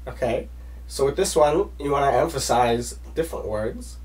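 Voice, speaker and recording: A man's voice: medium pitch, expressive, moderate pace, darkish tone, distant mic. Man with a cold, heard from afar. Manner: jokey, gives playful coaching. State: has a cold. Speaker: show host. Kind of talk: casual comedic chat.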